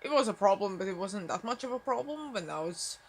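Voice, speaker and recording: A woman's voice: mid-range voice, lively intonation, fairly quick, slight background noise. A young woman vlogging at home on her phone, mumbling and rambling with lots of fillers. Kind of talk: casual talk to camera. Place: at home, indoors.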